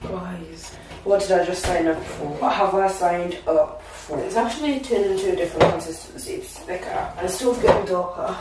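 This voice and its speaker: A woman's voice: lowish voice, normal speed, few pauses. Giggly teenage girl in a very echoey kitchen. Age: teens. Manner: playful, giggly, pleading. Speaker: vlogger. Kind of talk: casual vlog chat. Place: home kitchen. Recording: very echoey kitchen, mic far off, noisy.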